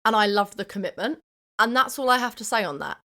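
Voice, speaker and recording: A young woman from the UK co-hosting a film podcast in casual chat, playful and quick to laugh. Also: a little high, animated, pushed and bright. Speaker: podcast co-host.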